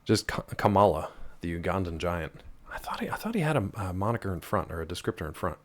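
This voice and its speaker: A man's voice: low-pitched, big pitch swings, fast. A man streaming a game live, chatting casually and teasing his chat as he answers them.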